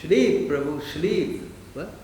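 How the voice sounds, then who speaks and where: A man's voice: fairly high pitch, animated, takes it slowly, mellow. A man giving a sermon in a temple hall. He keeps checking with his listeners and asks them short questions. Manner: quizzing the audience with repeated "Understand?" and "Huh?"; mimics others in brief put-on voices. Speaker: preacher. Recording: roomy hall with faint hiss.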